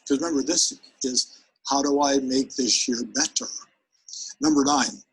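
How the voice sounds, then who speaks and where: A man's voice: medium pitch, measured pace, slightly rough, poor audio. A man giving a live seminar on presentation skills, talking energetically and straight to his audience. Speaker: sales presentation trainer.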